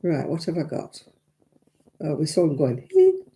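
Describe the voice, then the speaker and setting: A woman's voice: low voice, normal speed, mellow. Chatty self-mocking woman. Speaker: craft live-stream host. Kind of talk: casual live-stream chat.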